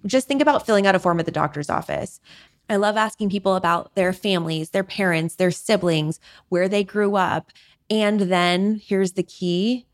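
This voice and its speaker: Woman, podcast host, young adult, chatty, casual storytelling, lots of fillers, medium pitch. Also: normal speed. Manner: chatty, frequent "like", animated rants with acted-out quotes.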